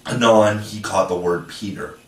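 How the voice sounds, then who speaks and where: A man's voice: deep voice, steady tone, moderate pace. A man reading a classic children's novel aloud as an audiobook narrator. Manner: storytelling reading. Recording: echoey room, from far off.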